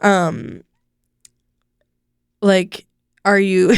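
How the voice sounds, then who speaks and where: A woman's voice: mid-range voice, quick pace, dry recording. Chatty young woman, dry studio sound. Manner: chatty, with many "like" fillers. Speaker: co-host. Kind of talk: casual chat. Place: radio studio.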